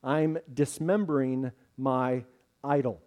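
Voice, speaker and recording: Zacchaeus, a preacher voicing a humble repentant tax collector. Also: male voice, medium pitch, fairly even intonation, slow pace, natural voice. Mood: earnest. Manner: earnest, contrite and gentle.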